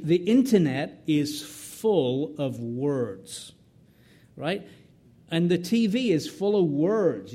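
A man's voice: on the high side, dark tone. A middle-aged man from North America preaching an expository sermon, emphatic, asking rhetorical questions and often tagging "right?" while repeating and restarting words.

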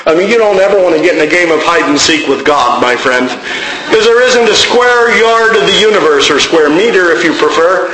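Male preacher, high bright voice, conversational sermon, roomy echo. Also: animated, normal speed, a little hiss or hum. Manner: conversational preaching with folksy asides. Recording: roomy echoing room.

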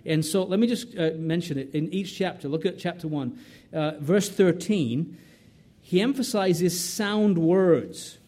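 A man's voice: fairly high pitch, moderate pace, dark tone. A middle-aged man from North America preaching an expository sermon, emphatic, asking rhetorical questions and often tagging "right?" while repeating and restarting words.

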